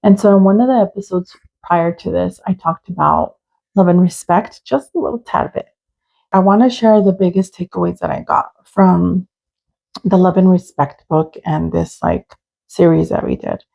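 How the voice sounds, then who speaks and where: A woman's voice: lowish voice, fairly even intonation, moderate pace, creaky, mellow, poor audio. A young adult woman hosting her own podcast, talking earnestly and openly in a personal monologue with many "like" fillers. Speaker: podcast host.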